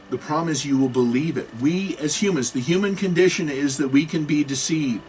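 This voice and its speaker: A man's voice: on the high side, brisk, few pauses, a little mellow. A man giving a self-made talk on computer security, agitated and apologetic, with frequent restarts, over faint music.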